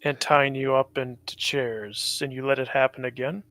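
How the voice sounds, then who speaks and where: A man's voice: medium pitch, fairly even intonation, moderate pace, a bit bright. A man playing a tabletop game, asking wry questions. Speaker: player. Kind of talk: casual chat.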